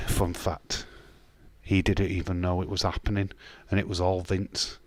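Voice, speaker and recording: A man's voice: deep voice, little pitch movement, unhurried, no room sound. A man, casually chatting on a live stream and bantering with chat comments, swearing now and then.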